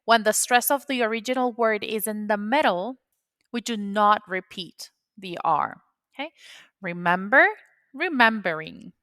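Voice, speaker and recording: Speaking a little slowly in a medium-pitched, slightly bright voice with no echo, a female English teacher whose mother tongue is Spanish patiently explains a grammar rule in steps, restating the key points.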